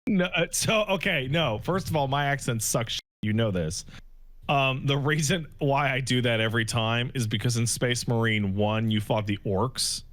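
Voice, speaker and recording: A man's voice: medium pitch, fairly bright tone, dry recording. A man co-hosting a casual podcast, chatting loosely and swearing often. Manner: swears often, quick asides. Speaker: podcast co-host. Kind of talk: casual chat.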